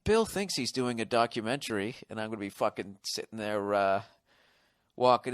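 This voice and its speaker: A man's voice: lowish voice, moderate pace, no room sound. Profane rambling man, dry close mic. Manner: profane, rambling, self-mocking; rises to loud excited outbursts. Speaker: podcast host. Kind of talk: solo comedic podcast monologue.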